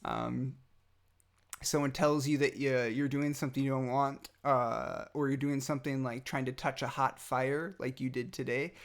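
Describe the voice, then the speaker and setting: A father speaking a heartfelt message to his toddler son, tender and halting, with many pauses and fillers, sometimes dropping almost to a whisper. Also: mid-range voice, fairly even intonation, creaky.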